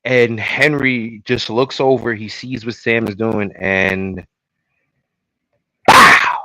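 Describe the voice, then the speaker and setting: A man co-hosting a podcast, recapping a TV episode in casual chat and breaking into loud, exasperated outbursts. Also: on the low side, takes it slowly, no echo, rough recording. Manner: animated, bursts into loud exasperated outcries. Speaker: podcast co-host.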